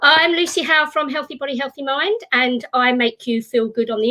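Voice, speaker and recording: A woman's voice: high-pitched, normal speed, hardly any pauses, sharp tone, low-quality recording. A woman guest, a holistic therapist, answering interview questions in a cheerful, friendly way.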